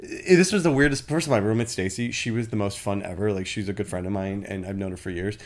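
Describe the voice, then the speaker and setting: A man in his thirties, a stand-up comedian, telling stories animatedly in casual conversation. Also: on the low side. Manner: fast, animated storytelling with laughs. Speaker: comedian guest.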